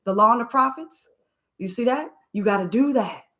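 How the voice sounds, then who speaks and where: A woman's voice: fairly high pitch, moderate pace, fairly bright tone. A woman co-teaching a Bible study who keeps affirming the reader and drives her points home with rhetorical questions and emphatic urging. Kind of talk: preaching commentary in dialogue.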